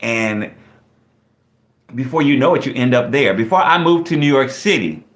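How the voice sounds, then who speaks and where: Man, live stream host, casual chat, rambling, mid-pitched. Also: expressive, moderate pace. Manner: rambling, many fillers and restarts, playful.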